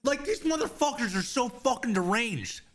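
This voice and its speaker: A man streaming a reaction commentary, reading posts aloud and breaking into loud, sarcastic, profane rants. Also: very high voice, animated, moderate pace.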